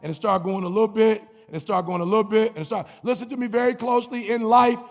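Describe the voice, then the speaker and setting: A man's voice: high-pitched, steady tone, quick pace, gravelly. A man giving a rousing commencement speech as a motivational speaker, preaching with call-and-response chants. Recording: long hall reverb, faint music.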